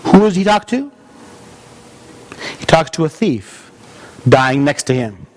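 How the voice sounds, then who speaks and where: A male pastor preaching a sermon in an earnest, measured way, with small restarts. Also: fairly high pitch, sing-song.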